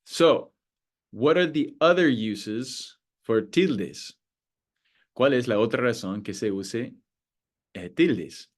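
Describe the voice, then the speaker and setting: A male Spanish teacher explaining a beginner lesson, patiently slowing down to model words. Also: medium pitch, animated.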